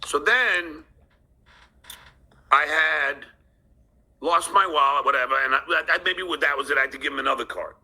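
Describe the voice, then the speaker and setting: A man rambling through an angry personal story, restarting often and bursting into shouted swearing. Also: on the high side, normal speed, pauses often, slightly rough.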